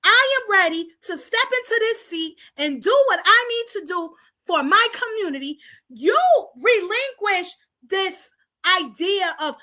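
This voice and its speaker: A woman's voice: very high-pitched, bright, forceful tone. A woman from Paterson, New Jersey, hosting her own show and giving an impassioned community address, repeating lines for emphasis and calling on viewers to respond. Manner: preachy call-and-response, rallying the audience. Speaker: host of a community talk show.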